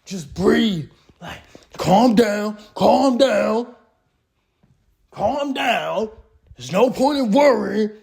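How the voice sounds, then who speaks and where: A man voicing his father, who calmly repeats soothing commands to his panicking son. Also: sits high, extremely slow, vocal fry, pauses often, husky, heavily acted.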